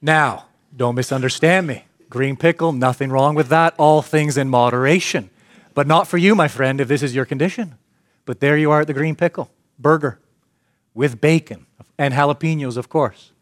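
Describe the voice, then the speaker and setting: A man preaching a sermon, telling a story and building to loud, emphatic peaks. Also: on the high side, moderate pace, no room sound. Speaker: pastor.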